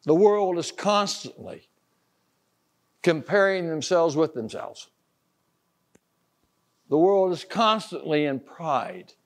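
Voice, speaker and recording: A man's voice: on the high side, lively intonation, slow pace, long pauses. An older man from Ohio preaching an informal sermon, folksy, telling stories and acting out the voices he quotes.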